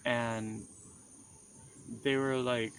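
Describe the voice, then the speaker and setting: A man's voice: mid-range voice, level tone, extremely slow, a bit bright, a little hiss or hum. A young man telling the story of a dream in a casual, rambling way, with many fillers and restarts. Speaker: vlogger recounting a dream.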